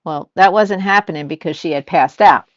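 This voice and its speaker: A woman's voice: lowish voice, normal speed, dry recording, muffled recording. An older woman chatting casually as a host, telling family stories and acting out what people said. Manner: storytelling, acts out quoted lines. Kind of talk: casual chat.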